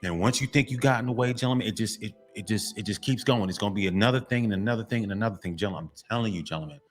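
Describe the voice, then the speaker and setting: A man's voice: fairly low pitch, very fast, faint music behind. A man giving a blunt, repetitive motivational monologue to men, lecturing and half-censoring his swearing. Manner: repetitive, lecturing, keeps addressing "gentlemen". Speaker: men's motivational vlogger.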